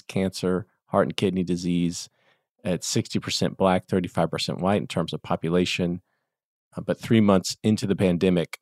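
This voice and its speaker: A man's voice: deep voice, dry recording, studio quality. A man with a Southern US accent co-hosting a podcast, explaining earnestly and chuckling now and then. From American South. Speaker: podcast co-host. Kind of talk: casual discussion podcast.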